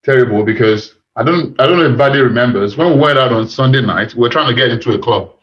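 A man chatting casually, telling an animated and indignant story. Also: mid-range voice, fast. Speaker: podcast co-host. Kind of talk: casual chat. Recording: roomy, dull lo-fi audio.

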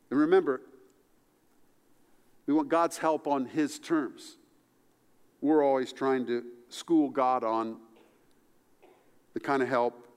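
A man preaching a sermon as pastor, animated, his voice climbing high for emphasis and falling low and soft. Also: long reverb tail.

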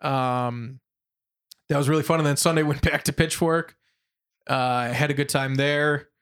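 Young Midwestern guy, co-host, higher-pitched, animated storyteller who does voices. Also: unhurried, smooth. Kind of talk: casual chat.

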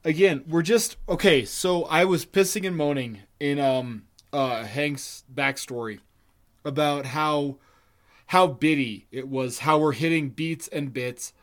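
A man's voice: a little high, measured pace. A man co-hosting a podcast, joking around and swearing emphatically. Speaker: podcast co-host. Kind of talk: casual podcast chat.

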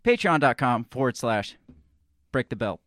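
A man's voice: medium pitch, sing-song, moderate pace, fairly bright tone, dry recording, studio quality. A man hosting a podcast in a loose, joking way, chatting and laughing with a guest. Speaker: podcast host. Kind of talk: casual podcast chat.

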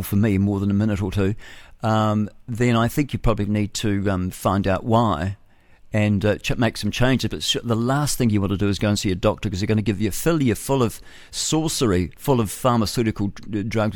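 Middle-aged man, New Zealand accent, breakfast radio host, chatty and opinionated, low-pitched, dry studio mic. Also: a little mellow, no echo. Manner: chatty, opinionated, laughs at own jokes. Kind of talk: rambling talk-radio monologue.

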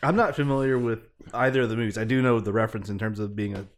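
A man's voice: fairly low pitch, racing. A man on a podcast panel, telling a long rambling story and acting out the quotes. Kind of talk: casual chat.

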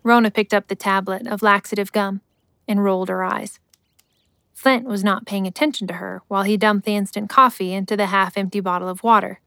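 A woman giving scripted story narration in a steady, measured way. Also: mid-range voice, creaky, dry recording, studio quality.

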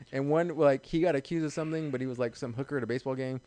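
A man's voice: mid-range voice, quick pace, dark tone, no room sound. A man chatting casually about cartoons and TV, rambling, swearing often and laughing. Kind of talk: casual podcast chat.

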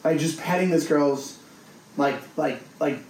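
A man co-hosting a casual podcast, telling a long story in an animated way and acting out the voices of the people in it. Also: on the high side, a little slow. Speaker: podcast co-host. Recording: echoey room with faint noise.

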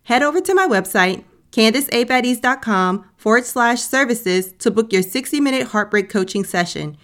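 A woman's voice: on the high side, lively intonation, normal speed. A woman, hosting a faith-based podcast as a heartbreak coach. She speaks to the listener as "sis" and often says "like, you know". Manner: warm encouraging, addresses listener as sis, fillers like "like, you know".

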